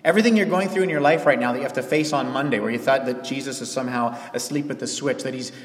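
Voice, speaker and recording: A man preaching a sermon in a conversational, animated way from a church sanctuary. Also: mid-range voice, fast talker. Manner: conversational, animated, with quoted asides. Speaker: pastor. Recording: echoey church hall.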